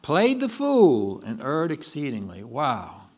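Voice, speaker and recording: Animated male preacher, lively voice. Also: medium pitch, slow. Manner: animated storytelling, with frequent restarts and self-corrections. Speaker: pastor. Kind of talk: sermon.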